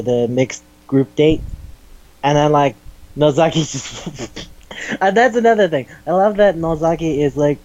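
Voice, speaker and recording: A man chatting casually on a podcast, retelling scenes with swearing and quick impressions of the characters. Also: fairly high pitch, dull audio. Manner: animated retelling with acted quotes, swears and laughs. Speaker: podcast host. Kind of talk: casual chat recapping an anime.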